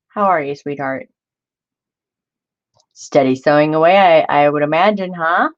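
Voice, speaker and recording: A woman's voice: low voice, unhurried, pauses often, lo-fi sound. A woman hosting a casual live stream, chatty and laughing often as she greets viewers by name. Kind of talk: casual live-stream chat while crafting.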